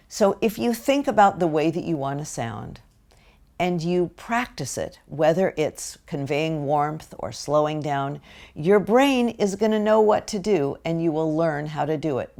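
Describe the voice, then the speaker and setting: An older American woman giving a parenting lecture, speaking slowly and deliberately, with brief acted-out quotes of parents. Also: low-pitched, creaky, a little mellow. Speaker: parenting educator.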